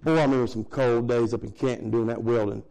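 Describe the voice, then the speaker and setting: A man's voice: medium pitch, fairly even intonation, fast, creaky, mellow, rough recording. A middle-aged man preaching a sermon in a folksy, conversational way, chuckling between points. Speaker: pastor.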